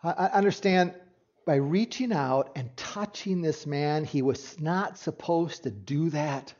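A man preaching a sermon as pastor. He speaks earnestly, swings between loud emphasis and hushed tones, and often repeats a word as he restarts. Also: on the high side, unhurried. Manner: restarts with doubled words. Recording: dull lo-fi recording.

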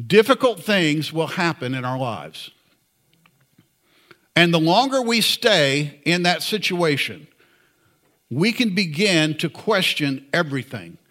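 A man's voice: a little high, sing-song, a little slow, bright, forceful tone. A man preaching a sermon in an earnest, conversational way. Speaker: pastor.

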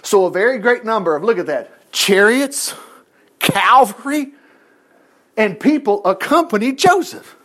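A male preacher with a high voice that swoops up and down as he reads scripture. He stops for folksy, chuckling asides and plays out the characters' lines in changed voices. Casual and lively. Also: unhurried. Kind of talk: sermon, reading and commenting on scripture.

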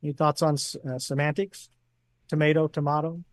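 Podcast guest, male, methodical explainer, slightly high pitch, dry sound. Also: level tone, fairly quick, dry recording. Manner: explains points in a numbered list. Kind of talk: casual chat.

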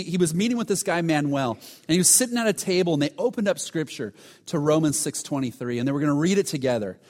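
A man preaching a sermon, telling a story with frequent restarts and sudden drops to a hush for the dramatic moments. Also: a little high. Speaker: pastor. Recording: long hall reverb.

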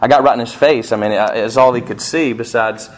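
A male pastor delivering a sermon through a heartfelt family story. His voice sits at a middling pitch and swings from soft, hushed passages up to loud, near-shouting peaks. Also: brisk.

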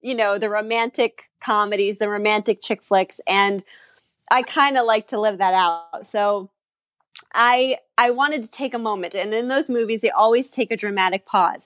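A woman's voice: fairly high pitch, normal speed, a bit bright, dry recording, studio quality. A young woman chatting casually about her engagement and leading an earnest spoken prayer, laughing often. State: newly engaged.

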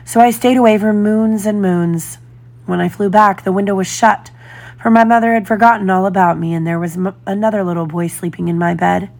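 A woman voicing a wistful boy who speaks softly in a storybook reading. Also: medium pitch, fairly even intonation, a little fast, creaky, close to an everyday voice. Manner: soft, confiding.

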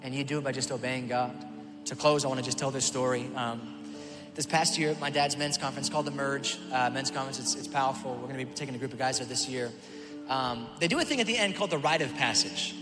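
Preaching man in a big echoing hall. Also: on the high side. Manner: swings from quiet storytelling to shouted preaching. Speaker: pastor. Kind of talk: sermon. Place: large church auditorium. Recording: long hall reverb with music behind.

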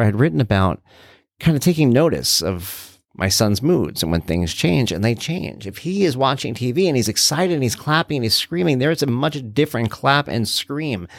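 A middle-aged man hosting a podcast, telling stories in an animated, conversational way. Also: medium pitch, vocal fry, dry recording, clean studio sound. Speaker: podcast host. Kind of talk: casual solo podcast monologue.

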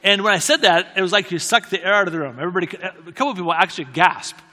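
Bright-voiced male preacher in a reverberant hall. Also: high voice, racing. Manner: conversational, self-deprecating humor, repeats key phrases. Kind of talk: sermon storytelling. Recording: long reverb of a large hall.

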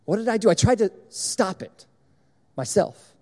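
Animated young preacher in an echoing hall. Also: male voice, sits high, a little slow. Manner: animated, self-mocking storyteller. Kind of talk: sermon storytelling.

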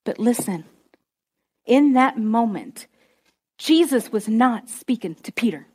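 A woman's voice: on the high side, animated, slow, dark tone, breathy edge. A woman preacher giving a conversational, emphatic sermon to students, with call-and-response.

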